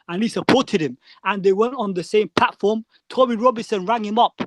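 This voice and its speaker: Man, debate guest, high voice, insistent, dry close sound. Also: brisk, no echo. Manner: insistent, tags lines with "yeah" and "okay". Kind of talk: heated live-stream debate.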